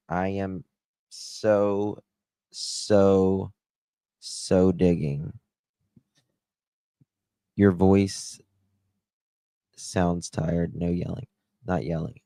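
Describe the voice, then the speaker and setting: Man, very deep voice, dry close sound, tired, casual livestream chat. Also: dark tone, no echo. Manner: chatty, drawling, talks to chat by name. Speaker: livestream host.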